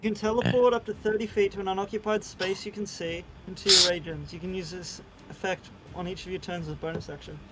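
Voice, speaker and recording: A man's voice: high voice, steady tone, fast talker, hardly any pauses, background noise. An Australian man playing a tabletop game, matter-of-fact, reading his rules aloud. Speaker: player.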